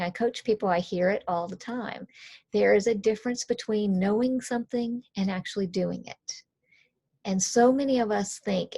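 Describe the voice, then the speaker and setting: Calm, earnest woman coach with a low, husky, fry-edged voice. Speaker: coach and author. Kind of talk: conversational explainer.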